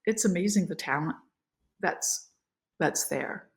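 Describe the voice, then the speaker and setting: Woman, actress guest, deep low voice, animated, emotional storyteller, casual interview. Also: measured pace. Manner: animated, emotional, many fillers.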